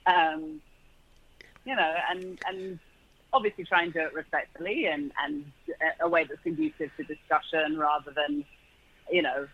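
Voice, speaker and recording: A man's voice: on the high side, fairly even intonation, moderate pace, dull audio. A man with a British accent, chatting as an interview guest, restarting his sentences and laughing easily. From Britain. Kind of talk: casual interview chat.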